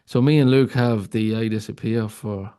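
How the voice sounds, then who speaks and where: A man's voice: on the low side, fairly even intonation, normal speed, mellow, smooth. A man, a podcast host telling a story in casual chat with lots of fillers and restarts. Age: 30s.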